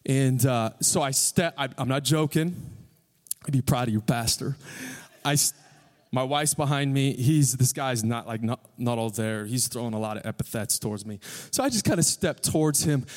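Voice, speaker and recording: A man's voice: mid-range voice, darkish tone. A young man who is a pastor, preaching a sermon in a joking, rambling way; he says he is tired. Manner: joking, rambling, self-deprecating. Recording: long hall reverb.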